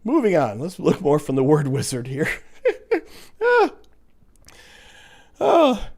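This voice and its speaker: A man's voice: a little high, wildly swooping pitch, slow pace, darkish tone. A man hosts a casual livestream, reading comments into a desk microphone. He answers in a blunt, profane, sarcastic way, laughing as he mocks the people he disagrees with.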